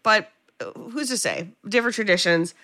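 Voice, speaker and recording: A woman with a bright, clear voice recapping a film for a podcast. She talks casually and tells the story with lots of energy, swearing now and then. Her pitch sits in the middle of the range. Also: very animated, moderate pace. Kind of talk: casual chat.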